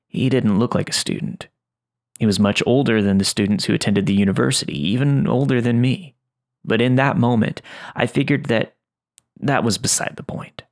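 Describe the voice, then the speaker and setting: Gravelly man narrating a horror story. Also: mid-range voice, steady tone, normal speed, dry recording, studio quality. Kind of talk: scripted first-person horror narration.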